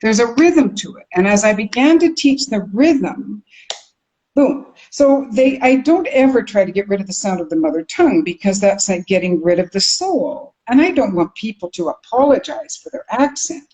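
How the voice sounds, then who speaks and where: An older woman from Canada, a communication teacher, telling stories in an interview in an expressive way, sounding out rhythms as she goes. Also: mid-range voice, moderate pace, hardly any pauses, rough recording. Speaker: accent coach and communication teacher. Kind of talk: animated interview storytelling.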